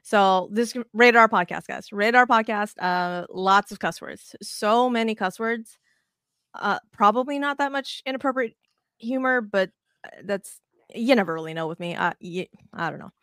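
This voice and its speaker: A woman co-hosting a casual baseball podcast, talking in an animated, rambling way with restarts and plenty of swearing. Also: mid-range voice, normal speed, clear, resonant tone, no room sound, clean studio sound. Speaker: podcast co-host.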